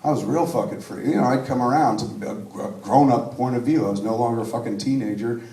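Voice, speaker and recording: A man's voice: mid-range voice, fast talker, warm tone. A man from New Jersey telling rambling, profane, self-mocking stories in a live Q&A before a cinema audience. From New Jersey, United States. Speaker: filmmaker answering audience questions. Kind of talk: live Q&A storytelling. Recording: roomy, distant audience recording with faint noise.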